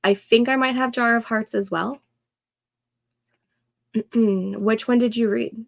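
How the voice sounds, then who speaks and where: A young woman hosting a casual co-working livestream, thinking aloud and reading chat comments in a soft, soothing voice. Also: fairly high pitch, steady tone, slow, creaky, no echo. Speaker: livestream host.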